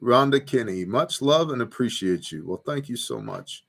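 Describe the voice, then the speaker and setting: With a medium-pitched, gravelly, slightly rough voice that swoops wildly and has a fairly bright tone, a man hosts a prepper livestream from his porch at a moderate pace. He's laid-back, reading comments aloud and rambling through stories packed with fillers.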